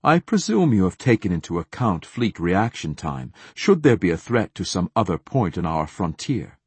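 A shrewd, older female head of government, voiced by a man in a low, husky register. She speaks in a calm, measured way with homely phrases. The recording is dry and close. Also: no echo, full character voice. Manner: measured, folksy turns of phrase.

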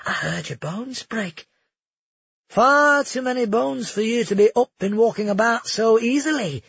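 A man's voice: extremely high pitch, animated, measured pace, vocal fry, fairly bright tone, husky, no room sound, muffled recording, voice pushed up, heavily acted. Man putting on a sneering noble villain. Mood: taunting. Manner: taunting, cold, mocking. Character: sly vengeful male nobleman villain.

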